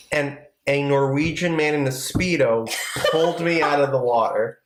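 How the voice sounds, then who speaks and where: Man, podcast co-host, animated storyteller, casual swearing, echoey room. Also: fairly high pitch, unhurried, background noise. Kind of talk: casual chat.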